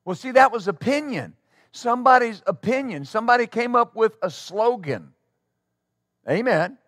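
Guy preaching in church, highish voice, super dry sound, chatty then bursts out loud. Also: lively intonation, moderate pace, dry recording. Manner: conversational preaching with sudden bursts of loud exclamation. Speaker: pastor. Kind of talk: sermon. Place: church sanctuary before a congregation.

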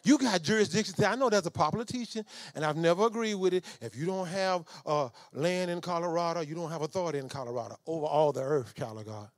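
A middle-aged man preaching a storytelling sermon, swinging from low asides to shouted commands. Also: fast talker, hardly any pauses, no echo, clean studio sound. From Southern United States.

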